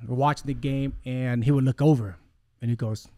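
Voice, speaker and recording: An earnest man in his forties tells a long personal story as a guest in a conversation. His voice sits at a middling pitch and sounds close and dry. He rambles and stops often to correct himself. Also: steady tone, brisk, dark tone, no room sound. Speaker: podcast guest.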